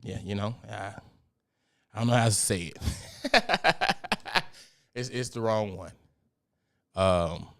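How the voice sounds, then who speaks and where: A man's voice: on the low side, a little slow, long pauses. A man hosting a casual solo podcast, ranting in a blunt, profane, joking way and sometimes turning mock-preachy. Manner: mock-preachy when addressing God. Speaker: podcast host.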